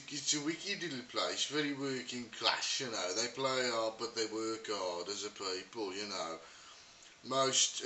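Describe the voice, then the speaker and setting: A Scottish man talks through a casual comic monologue, wry and teasing, slow and rambling. His voice sits a little low yet sounds bright and forceful. It is caught from some distance in a roomy space, with a faint hiss behind it. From Scotland. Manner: mocking, wry, rambling with fillers. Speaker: vlogger.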